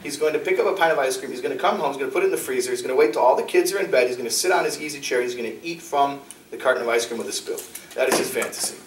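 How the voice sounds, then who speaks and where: A man giving a talk as a rabbi, telling stories with animated acted-out dialogue. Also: rapid-fire, slight background noise. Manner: animated, acts out dialogue with shifting pitch. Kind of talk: lively storytelling lecture. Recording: roomy, distant mic in a hall.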